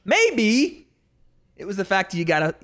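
A man's voice: high-pitched, moderate pace. A man co-hosting a podcast, talking casually and at length while reacting to video clips, swearing now and then. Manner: animated, talkative, swears casually.

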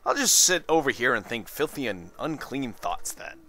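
Tired sarcastic man with a lively voice. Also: mid-range voice, normal speed. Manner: sarcastic, rambling, jokey. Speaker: let's play commentator. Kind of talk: casual game commentary.

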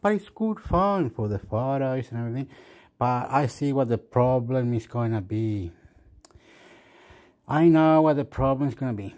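A man who lives in Australia casually reviewing a phone, rambling and thinking aloud with many pauses. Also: mid-range voice, animated, a little mellow. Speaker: vlogger.

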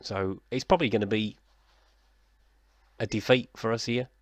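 A man's voice: lowish voice, fairly even intonation, moderate pace, no room sound. A man, casually narrating his football management game like a commentator and chatting with himself in a self-deprecating way. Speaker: gaming YouTuber. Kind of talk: casual let's-play commentary.

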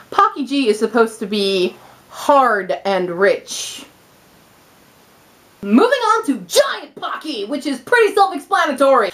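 A young woman vlogging at home, hyper, giggly and excitable, talking straight to her camera. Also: fairly high pitch. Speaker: vlogger and English teacher in Japan. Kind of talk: casual vlog. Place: indoors at home.

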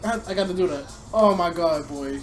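A woman giving live gameplay commentary, excitable and profane, yelling at her teammates, recorded on a desktop USB microphone. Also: on the low side, normal speed, faint music behind. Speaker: gamer.

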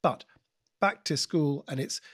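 A British man, a guest comedian and impressionist, chatting on a podcast in an animated, digressive storytelling manner. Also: fairly high pitch, a little slow, breathy edge, no room sound, studio quality. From United Kingdom. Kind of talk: podcast conversation.

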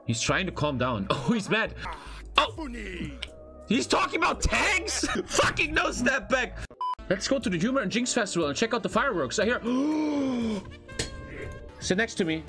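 Young man, game streamer, crude rowdy commentary, high voice, wildly swinging pitch, game music underneath. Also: big pitch swings, unhurried, long pauses. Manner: swings from shouting to mumbled low asides. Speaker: streamer playing a life-simulation game. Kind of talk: loud crude gaming commentary to chat.

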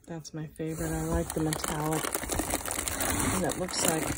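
Female vlog host, low-pitched, chatty and excitable, unboxing over loud paper rustle. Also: a little fast, heavy background noise. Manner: chatty and excitable, exclaiming as she unpacks. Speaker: jewelry reseller and channel host. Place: indoors at a table, unboxing. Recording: clear crinkling and rustling of packing. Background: clear crinkling and rustling of packing.

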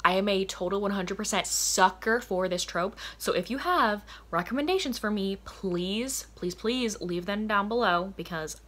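A woman's voice: mid-range voice, normal speed, few pauses, fairly bright tone. A woman in a casual book vlog, chatty and enthusiastic, filling her talk with "like" and often laughing. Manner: chatty and enthusiastic, many "like" fillers, frequent laughter. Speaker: book reviewer.

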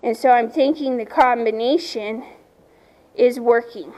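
A woman vlogging outdoors on her farm in a casual, chatty way. Her voice sits a little high and she takes her time, drawing out her words. She turns aside now and then to talk to her animals. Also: unhurried, a little mellow, poor audio. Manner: chatty, talks to her animals between remarks. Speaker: horse owner vlogger.

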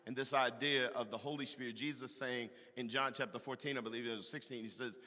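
A man preaching a sermon, animated and emphatic, with loud bursts and call-and-response to the congregation. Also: medium pitch, fast talker. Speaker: pastor. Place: large church hall. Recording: echoey hall from a distance.

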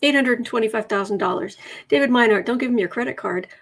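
A woman's voice: a little high, fast talker, creaky. A woman hosting a casual tarot livestream, reading viewer comments aloud and chatting in a rambling, self-correcting way.

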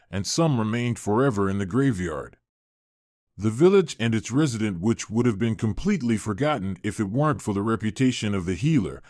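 A man narrating a fairy-tale story in a measured, expressive way. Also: on the low side, dry recording, clean studio sound.

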